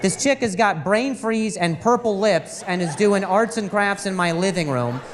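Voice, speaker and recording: A man's voice: high-pitched, expressive, normal speed, big-room sound. A man doing stand-up, telling an exasperated story on a comedy club stage. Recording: live club recording with audience noise.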